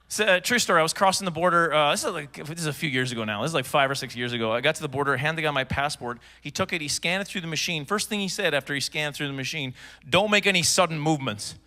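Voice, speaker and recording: A man from Canada tells rambling, self-deprecating stories in a stand-up set, stumbling and restarting. His voice sits high and sounds bright and forceful. He is performing on stage for a live crowd. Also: fast. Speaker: stand-up comedian. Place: stage before a live audience.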